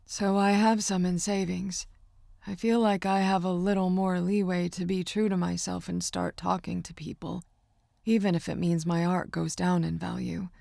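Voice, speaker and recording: A woman narrator voicing a shy, tearful young woman artist in an audiobook, speaking in a halting, strained way. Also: lowish voice, flat delivery, creaky, warm tone, dry recording, clean studio sound. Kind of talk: audiobook character voice.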